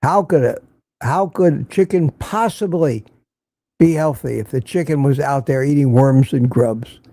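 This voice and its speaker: An older man with an unhurried, dark, mid-range voice hosts a casual livestream in a dry recording. He reads viewer comments and gives blunt, opinionated remarks, often repeating them for emphasis.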